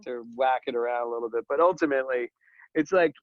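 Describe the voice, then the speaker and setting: A man's voice: mid-range voice, quick pace, no echo, lo-fi sound. Joking, rambling male coach. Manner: energetic, joking, rambling with slang asides. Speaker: podcast guest, dental business coach and author. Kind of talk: casual podcast conversation.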